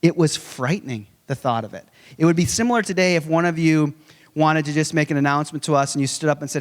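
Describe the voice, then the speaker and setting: A man in his forties, giving a conference lecture in a conversational, animated way with humorous storytelling. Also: a little high, fast talker. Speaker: conference speaker. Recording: long reverb of a large hall.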